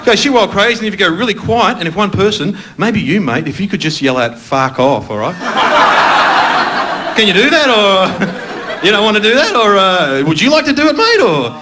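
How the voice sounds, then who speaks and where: An Australian man performs rambling, self-mocking stand-up and crowd work before a live audience on a TV studio stage. His voice is high-pitched and brisk with big swings in pitch, chatty, and he laughs at his own lines while background noise carries through.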